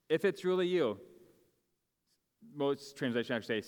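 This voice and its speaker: A man gives a relaxed, conversational sermon, breaking off and restarting his sentences as he goes. His voice is smooth and resonant at a middle pitch. Long reverb from the church sanctuary trails after his words. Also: moderate pace, pauses often. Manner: casual, conversational preaching with frequent fillers and restarts. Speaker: pastor.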